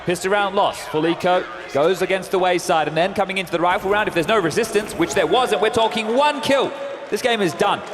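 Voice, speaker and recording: A man giving esports color commentary, analytical and jokey, bursting into shouts. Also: sits high, fairly quick, long reverb tail. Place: arena broadcast desk.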